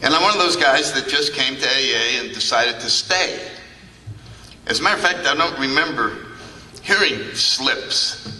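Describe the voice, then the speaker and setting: Here the older man sounds medium-pitched and sharp, with lively intonation at a moderate pace. He's a recovery meeting speaker giving a humorous, anecdotal convention talk and acting out quoted remarks, recorded far off in a large hall full of echo.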